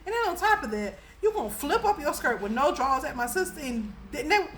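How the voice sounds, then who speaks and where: Animated, laughing young woman telling a story. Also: brisk, a little hiss or hum. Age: young adult. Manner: animated and laughing, with dramatic pitch jumps. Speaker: storyteller, vlogger. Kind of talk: casual storytime vlog.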